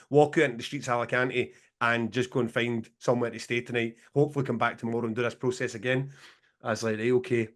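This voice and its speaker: A man in his forties co-hosting a podcast, telling a long story in casual chat, swearing freely and laughing as he goes. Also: medium pitch. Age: 40s. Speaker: podcast co-host.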